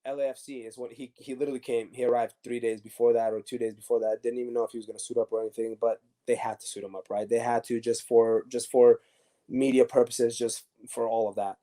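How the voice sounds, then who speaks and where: Mellow-voiced man telling stories. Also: medium pitch, fast. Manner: animated storyteller acting out dialogue. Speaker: guest, former pro soccer defender. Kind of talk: casual storytelling interview.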